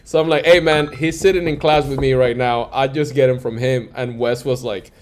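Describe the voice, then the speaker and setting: A male music producer telling stories in a casual interview, animated, acting out quoted dialogue and peppering his talk with "like" and "yo". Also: medium pitch, normal speed, slight background noise. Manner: frequent fillers like "like" and "yo".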